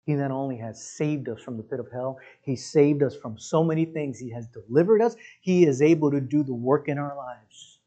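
A pastor with a warm, medium-pitched voice preaches at normal speed with few pauses, emphatic and conversational as he addresses his congregation directly, often saying "listen" and "guys." The highs in the recording are cut off.

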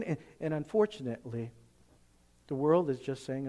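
A male pastor preaching a sermon emphatically, swinging from loud, forceful lines to hushed ones. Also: mid-range voice, a little fast.

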